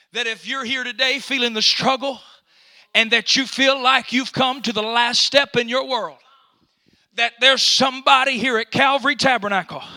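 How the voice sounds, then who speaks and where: A male pastor preaching a sermon in a church, punctuating phrases with 'uh' and building up to shouting. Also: very high voice. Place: church sanctuary during a service.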